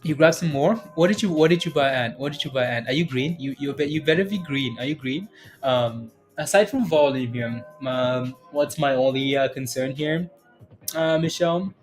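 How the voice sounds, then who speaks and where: Over soft background music, a man talks through trading charts and answers questions from chat on a relaxed day-trading livestream. His voice is mid-range and his speed normal, and he tends to ramble, chuckling often and leaning on fillers.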